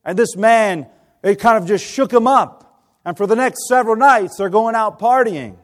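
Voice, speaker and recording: A man delivers a sermon in a voice that sits a little high for a man. He moves between soft, drawn-out appeals and loud storytelling, often stopping to put questions to his listeners. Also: animated. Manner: impassioned, swings from hushed to loud, asks the congregation questions. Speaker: preacher.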